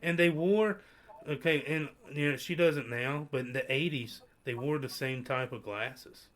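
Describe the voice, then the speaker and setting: A man hosting a podcast in casual chat, telling stories in a rambling, animated way with many restarts. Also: medium pitch, a little slow. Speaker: podcast host.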